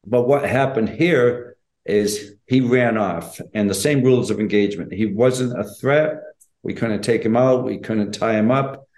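An older man, a former special forces operator, telling a story in an interview in a measured, earnest, plainspoken way. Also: lowish voice, darkish tone. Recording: roomy echo.

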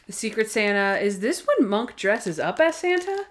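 A woman talks through TV episodes on her podcast in a loose, chatty way. She peppers everything with "like" and jumps between quick asides. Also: mid-range voice, very animated, a little hiss or hum. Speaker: podcast co-host. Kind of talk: casual chat recapping TV episodes.

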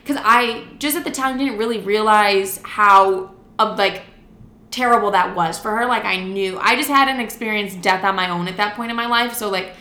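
A woman's voice: mid-range voice, normal speed, bright, forceful tone, roomy sound. A young adult woman casually telling a personal story, chatty and full of fillers, swearing freely.

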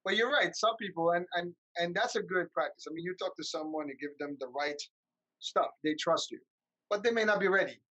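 A man's voice: sits high, a little fast, sharp tone, highs cut off. A man hosting a podcast, upbeat and talkative, asking long rambling questions. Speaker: podcast host. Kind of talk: casual interview chat.

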